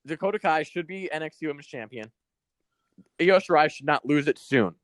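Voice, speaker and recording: A man's voice: on the high side, expressive, brisk, dry recording. Chatty man with a raised voice. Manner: rambling, swears, acts out quotes in put-on voices. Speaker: podcast co-host. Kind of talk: casual wrestling review chat.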